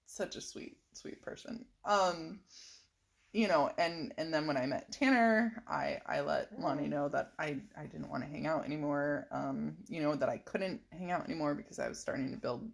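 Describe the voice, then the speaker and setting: A woman's voice: low-pitched, moderate pace, gravelly. A middle-aged woman casually telling a rambling personal story in a vlog, full of fillers and little laughs. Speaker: vlogger.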